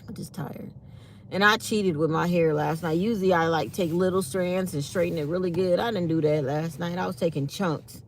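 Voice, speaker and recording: A woman's voice: on the low side, fairly quick, few pauses, slight background noise. A tired woman hosting a casual morning chat with her viewers, reading comments aloud as she talks. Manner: chatty, reads live comments aloud. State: tired and yawning. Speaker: channel host.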